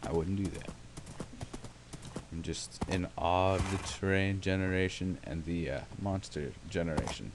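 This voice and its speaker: Low-voiced man rambling over gameplay. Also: measured pace, noisy background. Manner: rambling, self-mocking, sarcastic asides. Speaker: let's play host. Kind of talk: casual gameplay commentary.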